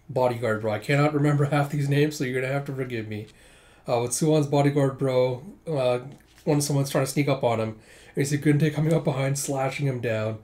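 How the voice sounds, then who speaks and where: A man's voice: mid-range voice, a little mellow. A man doing a casual manga readthrough at home, chatty, narrating panels with sound effects. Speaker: manga reader and reviewer. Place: home room with windows open.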